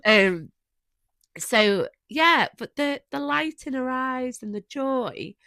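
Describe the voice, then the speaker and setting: A woman co-hosting a podcast, husky and croaky from a cold, telling a reflective story in a casual chat. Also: sits high, lively intonation, takes it slowly, sharp tone, no echo. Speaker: podcast co-host.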